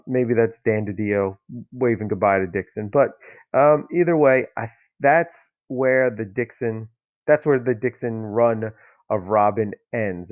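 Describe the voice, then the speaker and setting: A man's voice: on the low side, dry recording. A man hosting a casual comic book review podcast, talking in a rambling, disbelieving way with plenty of fillers. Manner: rambling, incredulous, lots of fillers. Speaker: podcast host. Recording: dull lo-fi, dry sound.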